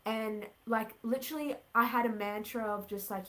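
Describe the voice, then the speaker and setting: A woman's voice: fairly high pitch, fairly even intonation, normal speed, a bit bright, low-quality recording. A young woman in her late teens, a guest telling her story casually, with many filler words and restarts. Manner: chatty, filler-heavy, lots of "like". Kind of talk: casual conversation.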